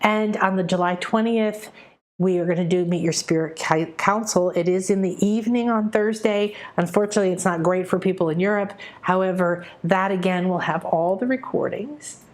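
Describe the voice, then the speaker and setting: A middle-aged woman hosting a live spiritual guidance session, talking casually to viewers and swinging between quick excited bursts and slow soft stretches. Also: lowish voice.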